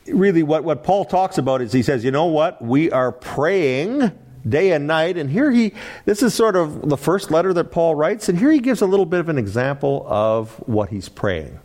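Guy leading a bible class, lively up and down voice, tosses questions at the room. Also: on the high side. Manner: animated, asks the class questions, laughs lightly. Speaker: Bible study teacher. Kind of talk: interactive Bible class lecture.

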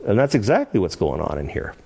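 Animated man teaching the Bible. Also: low voice, fast talker, vocal fry, husky. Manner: animated, laughs often, dramatizes quoted lines.

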